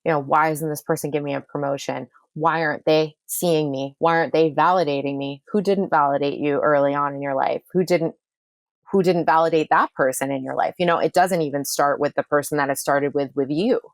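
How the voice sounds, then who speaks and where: A woman with a notably low voice explains her ideas with emphatic repetition. She talks in a relaxed podcast conversation, close to the mic in a dry room. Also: a little fast, dry recording. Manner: emphatic, repeats phrases for effect. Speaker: manifestation coach and astrologer.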